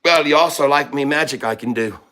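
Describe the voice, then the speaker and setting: A man's voice: mid-range voice, fairly quick, fairly bright tone, voice pushed up, close to an everyday voice. A man putting on a cheeky Irish leprechaun. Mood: gleeful. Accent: put-on Irish. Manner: cheeky, mock-tough, teasing chat viewers. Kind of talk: live-stream chat in a put-on voice.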